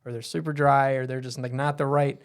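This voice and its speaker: A man's voice: medium pitch, little pitch movement, a little fast, clear, resonant tone. A man hosting a casual live show, chatty and teasing, often laughing. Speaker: host.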